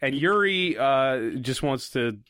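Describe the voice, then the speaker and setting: A man's voice: mid-range voice, lively intonation, slow pace, fairly bright tone, smooth. A man co-hosting a podcast in casual chat, joking and riffing with his friends. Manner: joking, banters and riffs. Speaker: podcast co-host.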